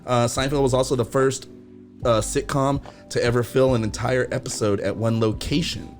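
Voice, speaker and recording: A man's voice: medium pitch, normal speed. A man co-hosting a loose podcast chat, retelling sitcom scenes with lots of energy. He jumps into goofy voices for the characters as he goes. Faint music plays underneath. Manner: animated storyteller, acts out sitcom scenes in silly voices. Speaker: podcast co-host. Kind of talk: casual chat.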